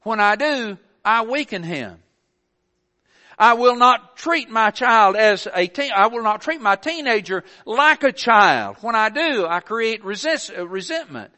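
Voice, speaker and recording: Older man preaching, high and sharp-toned, earnest, presses his points hard. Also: sing-song, a little slow. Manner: earnest, builds to forceful emphasis. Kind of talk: sermon.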